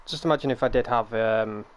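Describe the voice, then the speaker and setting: A young man chatting casually on a live stream, rambling through long explanations of how he took his screenshots. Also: mid-range voice.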